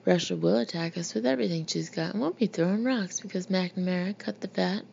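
A woman voicing a brash, blunt middle-aged male Marine colonel who talks gruffly and mockingly, in a muffled lo-fi recording. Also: fairly low pitch, a little fast, a little mellow. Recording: muffled lo-fi recording with faint hiss.

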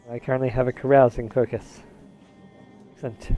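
A man's voice: medium pitch, little pitch movement, brisk, vocal fry, long pauses, lo-fi sound, soft background music. A man giving casual gameplay commentary, musing to himself and half-distracted, now and then slipping into a mock posh put-on. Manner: dabbles in a mock posh old-English put-on. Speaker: game let's-player.

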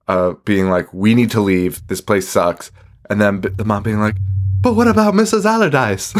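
A man co-hosting a podcast, casually recapping a film with lots of swearing, laughter and mocking quotes. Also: on the low side. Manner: profane, laughing, rambling recap with mock quotes. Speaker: podcast co-host. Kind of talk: casual chat recapping a movie.

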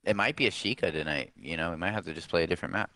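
Deep-voiced laid-back gamer guy. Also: rapid-fire, bright, forceful tone, dry recording. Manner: laid-back, says dude and bro a lot. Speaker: streamer. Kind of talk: casual gaming chat.

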